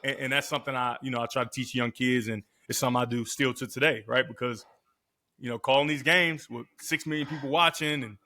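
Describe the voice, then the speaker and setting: Bright-voiced man telling stories casually. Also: mid-range voice, fast talker. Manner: animated, slangy storyteller who acts out quotes. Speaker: podcast guest, former quarterback. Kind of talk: casual storytelling.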